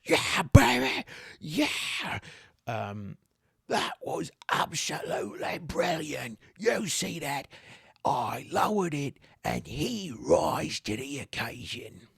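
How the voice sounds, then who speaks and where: A boisterous male knight trainer, loud and theatrical in his praise and scolding, as a man puts him on for a tabletop game. The voice sits well above a man's usual range, with a gravelly edge. It sounds dry and close. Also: on the high side, big pitch swings, takes it slowly, no echo, voice pushed up, heavily acted. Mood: elated. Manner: exclaiming, hearty and theatrical.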